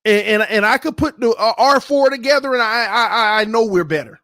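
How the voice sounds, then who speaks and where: Hyped man with a high, dry voice. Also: a little fast, no echo. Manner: hyped, repetitive, swings from low muttering to shouting. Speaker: sports channel host. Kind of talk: fan commentary on football.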